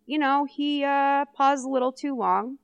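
A woman's voice: sits high, measured pace, lo-fi sound. A young woman co-hosting a podcast in casual chat, retelling a film scene and slipping into the characters' voices. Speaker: podcast co-host.

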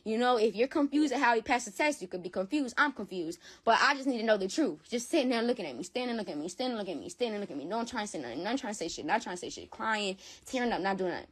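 A woman's voice: on the high side, lively intonation, racing, few pauses, breathy edge. A woman giving an emotional personal account in an interview, heated and repetitive, swearing often. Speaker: interview guest.

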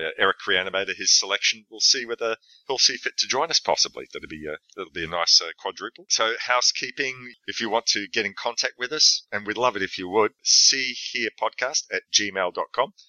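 A man's voice: on the low side, brisk, hardly any pauses, no echo, highs cut off. A man hosting a podcast in casual chat, rambling a little with restarts. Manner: relaxed, rambling, with stumbles and restarts. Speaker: podcast host.

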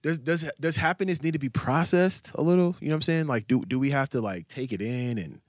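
Stammering, excitable podcast host. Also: male voice, medium pitch, fairly quick, no echo, clean studio sound. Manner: excitable, stammers and repeats himself, swears. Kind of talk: casual podcast chat.

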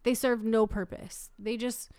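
A woman's voice: a little high, level tone, measured pace, darkish tone, smooth, no room sound, studio quality. A woman in her thirties, a mother chatting casually, telling a story and quoting herself. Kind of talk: casual chat.

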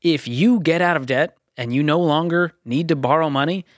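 A man's voice: on the high side, moderate pace, dry recording, clean studio sound. A man co-hosting a money talk show, playful and plain-spoken in casual chat. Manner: playful, explains points plainly. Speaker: radio show co-host.

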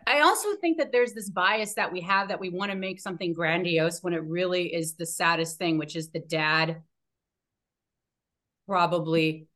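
A woman's voice: fairly low pitch, normal speed, a bit bright. A woman hosting a podcast in casual chat, hesitant and thoughtful, rethinking mid-sentence. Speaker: podcast host and episode producer.

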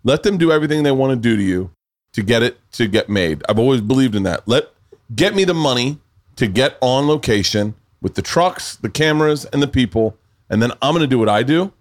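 A man's voice: mid-range voice, animated, brisk. A man from the American South hosting a podcast, rambling and emphatic, swearing freely in casual chat. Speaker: podcast host.

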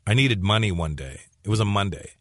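A man's voice: on the low side, brisk, dry recording, clean studio sound. A man in his forties from Canada, a comedian telling stories in an interview and restarting phrases as he goes. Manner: animated storyteller, repeats phrases as he restarts. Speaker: comedian guest. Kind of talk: conversational storytelling interview.

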